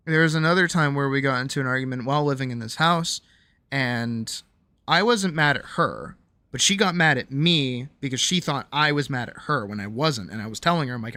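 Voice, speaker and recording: A young adult streamer talks through chat messages in a loose, rambling way, with lots of restarts and sentences that fade out softly. The voice sounds bright and forceful. It is recorded close and dry, with no room sound. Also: mid-range voice, fairly quick, dry recording. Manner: rambling and candid, with many restarts and fillers.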